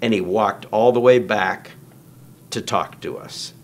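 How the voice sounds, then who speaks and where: A man's voice: lowish voice, a little slow. A man telling a long story in casual conversation, acting out quoted lines in raised voices. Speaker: guest storyteller.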